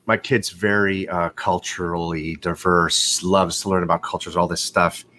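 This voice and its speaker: A man hosting a casual live chat show from home in California, telling stories in a rambling, profane, animated way over a video call. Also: sits low, normal speed, a little hiss or hum. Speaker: host of a live watch show.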